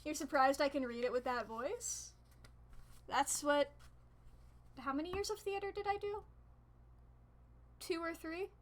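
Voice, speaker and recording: A woman streamer chatting casually while she draws, animated and leaping up in pitch when excited. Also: unhurried, long pauses, slight background noise. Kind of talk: casual chat while drawing. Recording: loud background music.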